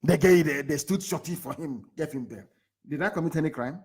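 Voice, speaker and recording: A man's voice: a little fast, breathy edge. Fiery Nigerian man rallying listeners. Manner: emphatic, fires rhetorical questions at listeners; shifts abruptly between loud bursts and low asides. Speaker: movement leader. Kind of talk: impassioned live political address.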